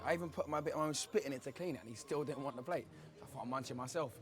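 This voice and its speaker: A man's voice: medium pitch, very fast. A man waiting tables on a cooking show, brash and joking. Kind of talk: lively reality-show banter. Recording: busy restaurant crowd.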